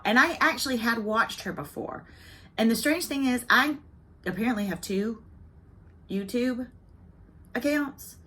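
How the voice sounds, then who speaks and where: Woman, Southern US accent, middle-aged, casual vlog chat, wry asides, mid-pitched voice. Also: a bit bright. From United States. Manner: chatty, wry asides and self-teasing jokes. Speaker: cross-stitch vlogger.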